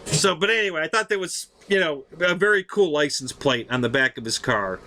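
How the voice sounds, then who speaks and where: Lively high-voiced man telling stories. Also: fairly quick, a little hiss or hum. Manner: animated, profane, chatty. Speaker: live-stream host. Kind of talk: casual storytelling on a live stream.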